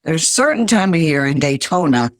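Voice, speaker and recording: A woman's voice: low-pitched, lively intonation, brisk, no room sound, clean studio sound. An older woman, a podcast guest, earnestly telling her life story in an interview.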